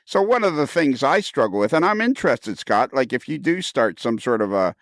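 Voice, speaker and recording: A man hosting a casual podcast conversation, enthusiastic and quick to laugh, often repeating his words, heard on a close mic. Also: mid-range voice, sing-song, a bit bright, no echo. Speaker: podcast host.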